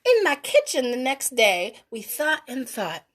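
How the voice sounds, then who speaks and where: Animated woman reading to kids. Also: sits high, unhurried, a little hiss or hum. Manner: animated, chatty asides to young viewers. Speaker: children's storyteller host. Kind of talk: live read-aloud for children.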